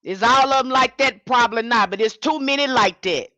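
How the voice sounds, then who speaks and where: A woman's voice: fairly high pitch, brisk, pushed and bright, no room sound. A woman giving an impassioned livestream sermon as a spiritual teacher, speaking in a fiery, confrontational way and repeating her points.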